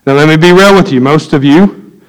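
A man, preaching a sermon in a church, swinging from loud emphatic peaks to low quiet asides. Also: fairly quick, clear, resonant tone, poor audio. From United States. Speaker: pastor. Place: church sanctuary.

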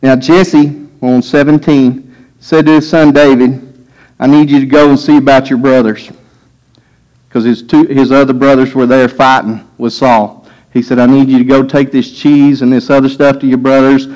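A man's voice: mid-range voice, flat delivery, normal speed, a little mellow, rough recording. A man preaching a sermon, telling a scripture story and acting out the voices with rising emphasis. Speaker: pastor.

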